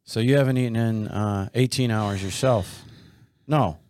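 A man's voice: fairly low pitch, measured pace, darkish tone, no echo, clean studio sound. A man hosting a podcast, chatting casually and rambling with many restarts and fillers. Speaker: podcast host. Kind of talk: casual chat.

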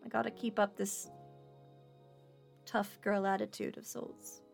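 A woman voicing a guarded young woman who hides her fear, speaking softly and confidingly. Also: medium pitch, level tone, unhurried, vocal fry, faint music behind. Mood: quiet, confiding.

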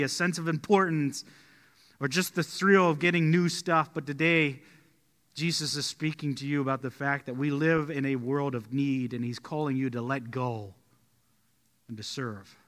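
A male pastor preaching in a church sanctuary with a very bright, ringing tone and a fairly high voice. He tells stories and falls quiet and slow on his main points. The sanctuary adds a long, trailing reverb. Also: fairly even intonation. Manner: storytelling, drops quiet and slow on key points. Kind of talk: sermon.

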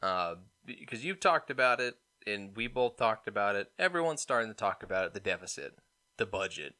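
A young man co-hosting a podcast, ranting excitedly about politics and mocking people in put-on voices. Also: lowish voice, brisk. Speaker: podcast co-host. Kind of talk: casual political banter.

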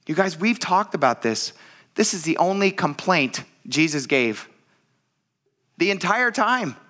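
A pastor preaches a sermon in a fairly high, bright voice with a forceful edge. He talks in an earnest, conversational way and keeps speaking straight to his listeners as "you guys.". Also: very animated, a little slow. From United States.

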